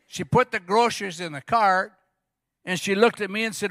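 A middle-aged male pastor preaching a sermon, telling stories with animated quoted voices. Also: high-pitched, moderate pace, no echo, clean studio sound. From Arizona.

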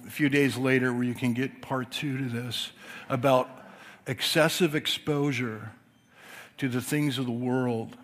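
An older man preaching a sermon to his church, chatty and apologetic, laughing as he goes. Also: medium pitch. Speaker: pastor.

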